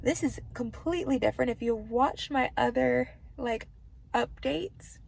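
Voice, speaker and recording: Bubbly gushing woman with a gravelly edge. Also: a little high, measured pace. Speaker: pregnancy vlogger. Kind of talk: casual chat to camera. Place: hospital room.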